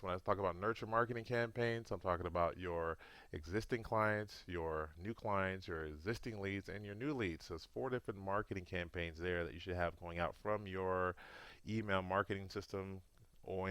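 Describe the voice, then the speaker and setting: A man's voice: fairly low pitch, fairly bright tone, clean tone, no room sound. A man giving a casual marketing lesson on video, talking loosely and often correcting himself mid-sentence. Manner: conversational, loose, repeats and self-corrects.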